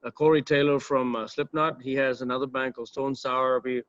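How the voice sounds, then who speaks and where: A man's voice: mid-range voice, fairly even intonation, brisk, fairly bright tone, dry recording. A man from South India, a musician guest telling stories in a casual interview, rambling and swearing, with lots of fillers and restarts. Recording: dull, dry, lo-fi sound.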